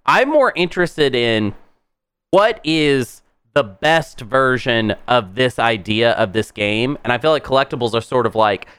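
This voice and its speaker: A man's voice: medium pitch, animated, unhurried, a bit bright, clear, resonant tone, no room sound. A man with a Southern accent, co-hosting a podcast in casual chat, rambling and joking with many fillers. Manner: rambling, jokey, lots of fillers. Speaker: podcast co-host.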